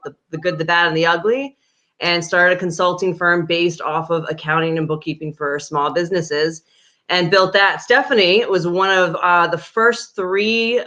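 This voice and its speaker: A woman's voice: on the low side, bright, forceful tone. A woman business consultant explaining things emphatically in casual webinar talk over a video call. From Boston area, USA. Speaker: business consultant, firm owner. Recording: muffled video call audio.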